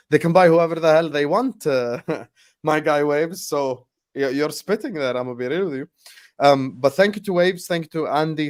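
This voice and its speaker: A man hosting a casual football stream, chatting in slang and giving shout-outs to viewers. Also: a little high. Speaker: stream host.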